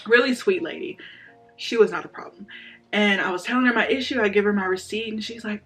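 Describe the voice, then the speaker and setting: A woman's voice: mid-range voice, a little fast, a bit bright, faint music behind. A young woman telling a personal story in a casual, chatty way, speaking straight to her viewers and acting out what people said. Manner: chatty, addresses viewers directly, acts out quotes. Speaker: vlogger sharing a testimony.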